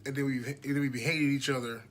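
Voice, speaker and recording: A man's voice: medium pitch, level tone, brisk, a bit bright. A young man co-hosting a podcast, talking casually and rambling with many fillers. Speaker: podcast co-host. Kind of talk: casual chat.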